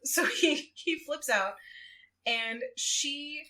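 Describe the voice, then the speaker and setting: A woman guesting on a podcast, recapping a book in casual chat, animated and giggly as she tells it. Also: high voice, extremely slow. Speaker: guest co-host.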